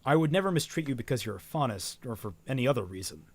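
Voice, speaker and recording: A man voicing a huge, gentle young swordsman in a lowered, quiet voice. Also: lively intonation, fast, dry recording.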